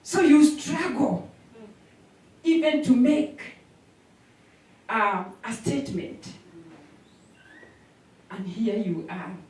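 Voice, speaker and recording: Woman, pastor, sermon, very animated pitch, echoey distant hall. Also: drawn-out words, long pauses. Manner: animated preaching with call-and-response and repetition. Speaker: preacher. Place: church sanctuary.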